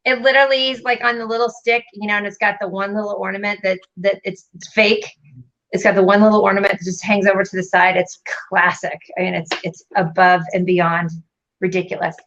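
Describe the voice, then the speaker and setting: A bubbly, affectionate woman hosts a casual livestream from her home office, tossing out quick asides. Her voice sits mid-height, and the audio has the dull, lo-fi sound of a computer mic on a video call. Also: medium pitch, little pitch movement, a bit bright. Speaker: host.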